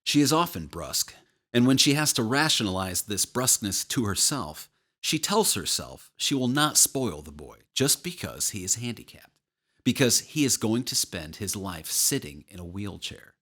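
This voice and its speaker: Low-voiced male audiobook narrator. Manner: measured, steady storytelling.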